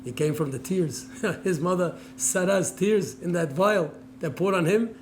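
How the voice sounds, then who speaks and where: A man, a rabbi, delivers a sermon as a vivid story, his voice sitting a little high. He acts out the dialogue, swinging from loud cries to hushed tones and mixing in Hebrew words. A faint hum lingers in the background. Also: measured pace. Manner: animated storyteller acting out dialogue, shifting loud and soft.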